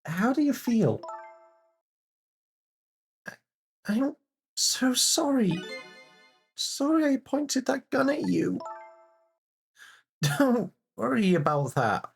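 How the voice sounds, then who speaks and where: A woman voicing a calm, caring young woman, reading game dialogue in a gentle, measured way. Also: a little high, creaky, faint music behind, pitched above the performer's own voice, full character voice.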